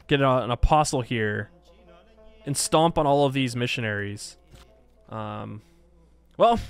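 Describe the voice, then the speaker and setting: A man's voice: on the high side, a bit bright, no echo. A man commentating his strategy game, thinking aloud and exasperated at setbacks. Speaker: gaming YouTuber. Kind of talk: let's play commentary.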